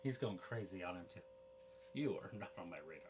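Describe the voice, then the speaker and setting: A woman with a strikingly deep voice jokes through a live wrestling watch-along, and her pitch swings widely as she talks. A faint hum runs in the background. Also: brisk. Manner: animated, jokey banter. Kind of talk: casual live reaction chat.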